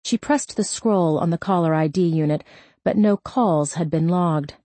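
A woman reading a novel aloud in a steady, scripted narration. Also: lowish voice, moderate pace, dry recording. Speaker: audiobook narrator.

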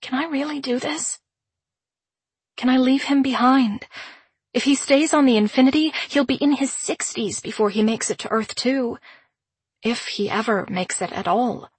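A woman narrating a first-person audiobook in a measured, introspective way. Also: high voice, breathy edge, no room sound.

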